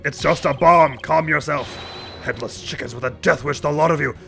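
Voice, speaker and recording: A man's voice: fairly high pitch, normal speed, gravelly, fairly bright tone, faint music behind, pitched above the performer's own voice. A man voicing a stern, contemptuous male prosecutor in a video game, giving orders. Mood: scornful. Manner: commanding, contemptuous.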